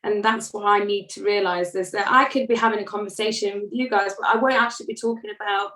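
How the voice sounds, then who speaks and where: A woman's voice: medium pitch, fairly even intonation, quick pace, fairly bright tone. A woman singer chatting as an interview guest, laughing often and poking fun at herself. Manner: chatty, laughing, self-deprecating. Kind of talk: casual interview chat. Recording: roomy sound, distant from mic.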